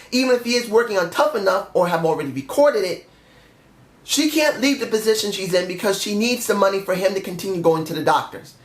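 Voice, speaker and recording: A man reviewing a wrestling show on his own, ranting in frustration and stopping to correct his own slips. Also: high-pitched. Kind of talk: solo review rant. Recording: echoey room.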